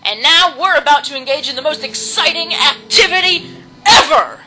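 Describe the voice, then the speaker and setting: Woman, let's play host, casual gameplay commentary, chatty, self-mocking, loud outbursts, game music underneath. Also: sits high, expressive, normal speed, low-quality recording. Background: video game music.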